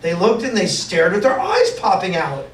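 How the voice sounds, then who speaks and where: A man's voice: high voice, huge pitch swings, moderate pace, a little hiss or hum. A man reading a picture book aloud to children, playful and full of sound effects, heard in an echoey room from a distance.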